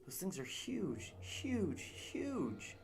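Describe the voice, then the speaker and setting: A man voicing a jumpy young male cave explorer in a storybook reading, sometimes hushed and whispering. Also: fairly high pitch, sing-song, unhurried, creaky, noisy background, voice pushed up, heavily acted. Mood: awed.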